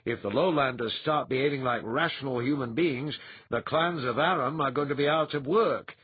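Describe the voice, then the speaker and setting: A man voicing an earnest, grateful chieftain who is loyal and warm toward his friend. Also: medium pitch, moderate pace, breathy edge, no room sound, phone-quality sound, pitched above the performer's own voice, natural voice.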